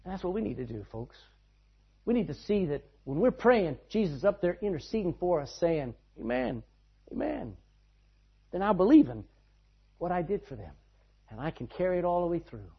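A man preaching a sermon, swinging between loud, driving lines and hushed, quiet ones. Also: high voice, very animated, a little fast, husky. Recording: dull lo-fi sound.

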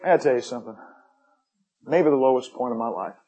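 A middle-aged man preaching a sermon with personal stories, folksy, moving between upbeat jokes and hushed intensity. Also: mid-range voice, lively intonation, quick pace, breathy edge, rough recording. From United States. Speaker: missionary pastor.

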